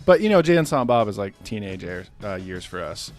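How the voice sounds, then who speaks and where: A man's voice: fairly low pitch, big pitch swings, fairly quick, faint music behind. Laid-back podcast co-host, man. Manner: laid-back, swearing, frequent fillers. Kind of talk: casual chat.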